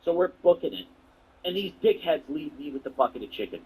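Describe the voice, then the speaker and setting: Animated young man telling a rambling story. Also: fairly high pitch, fairly quick, slight background noise, low-quality recording. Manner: rambling, profane, slangy storytelling. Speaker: video creator. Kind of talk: casual storytelling to camera.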